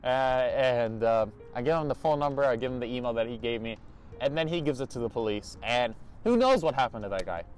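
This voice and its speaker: Casting note: young male vlogger, mid-pitched, lively storyteller, faint music underneath. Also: a little fast. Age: young adult. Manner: animated, restarts and repeats, laughs often. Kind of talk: storytime vlog.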